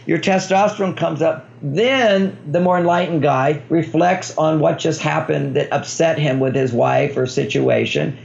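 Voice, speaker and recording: Heard in dull lo-fi audio, an older relationship author gives an interview, laying out his ideas and performing quoted dialogue. His voice is creaky and on the high side.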